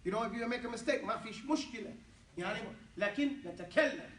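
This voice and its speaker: A man's voice: very high-pitched, animated, very fast, a bit bright, a little hiss or hum. A man teaching an Arabic class, playful and joking as he drills the students on phrases. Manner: playful, joking, switching between English and Arabic. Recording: echoey room, voice from a distance.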